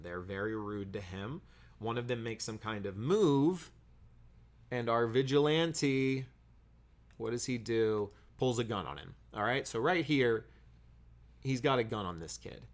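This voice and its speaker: A man's voice: medium pitch, a bit bright. A man giving a casual film review, blunt and critical, with frequent "um" fillers and the odd swear word.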